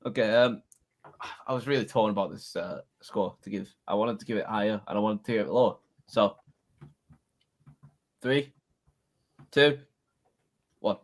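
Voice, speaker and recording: A man co-hosting a music review show, playful and chatty, quick to joke and laugh. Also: on the low side. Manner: playful, laughs often, mimics voices. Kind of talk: casual banter.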